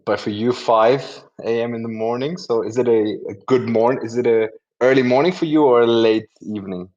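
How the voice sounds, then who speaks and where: A man's voice: mid-range voice, moderate pace, darkish tone, lo-fi sound. A man hosting a community talk event, chatty and rambling, often correcting himself mid-sentence. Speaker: host of a community audio event. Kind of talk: casual chat and introduction.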